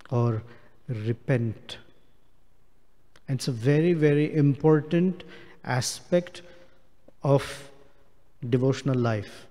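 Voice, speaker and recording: Slow-speaking man lecturing in a reverberant hall. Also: mid-range voice, dark tone. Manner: slow, explains Sanskrit verse word by word. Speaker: speaker giving a scripture class. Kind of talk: devotional scripture lecture. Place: temple hall.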